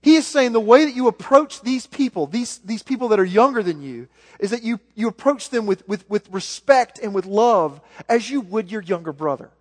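A man's voice: sits high, lively intonation, normal speed, darkish tone. A man with a Southern American accent preaching a sermon as pastor, earnest, repeating words as he builds a point. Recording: long hall reverb.

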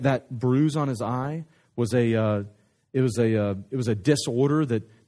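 Speaking at a medium pitch, this man shares a story in his sermon as a pastor, keeping it lively and conversational while frequently starting sentences over.

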